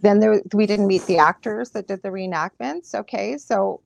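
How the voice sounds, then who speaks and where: A woman who works as a psychic medium, a podcast guest telling stories in a lively, chatty way with frequent laughs. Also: mid-range voice, creaky. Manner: animated storyteller, laughs often, quick asides. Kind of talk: casual chat, storytelling.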